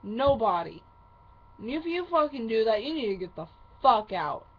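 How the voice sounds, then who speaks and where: A woman vlogger venting angrily to the camera, swearing heavily in halting, drawn-out phrases. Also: on the high side, very animated, slightly rough, dull audio. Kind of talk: angry venting monologue to camera.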